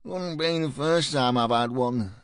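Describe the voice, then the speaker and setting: A man voicing a brash young woman in her twenties with a Yorkshire accent, cheeky and loud. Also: mid-range voice, a little slow, clear, resonant tone, dry recording, studio quality, natural voice.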